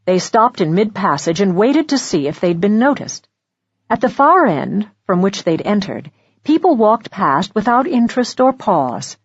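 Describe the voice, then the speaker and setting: A woman narrating a mystery audiobook in a steady, measured storytelling voice. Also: mid-range voice, breathy edge, no room sound, muffled recording. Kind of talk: scripted narration.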